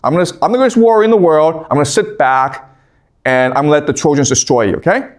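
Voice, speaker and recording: A man giving a casual storytelling history lecture, animated, often checking in with "okay?". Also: a little high, fast talker.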